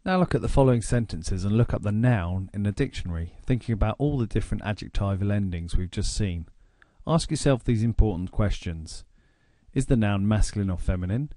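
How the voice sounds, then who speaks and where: A man with an English accent narrating a grammar lesson, explaining slowly and deliberately. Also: on the low side, warm tone, no room sound, clean studio sound. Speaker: language teacher.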